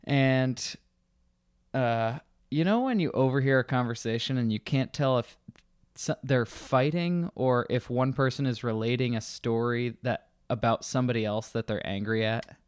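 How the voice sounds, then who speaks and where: A man casually telling a bar story, swearing and acting out angry customers in loud voices. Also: mid-range voice, normal speed, clear, resonant tone, no room sound, clean studio sound.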